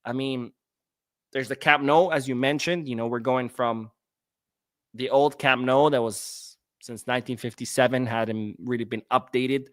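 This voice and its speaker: A man's voice: medium pitch, fairly even intonation, measured pace, fairly bright tone, no room sound, studio quality. A man hosting a casual livestream podcast, reading out chat comments and answering them in a rambling way, repeating his words.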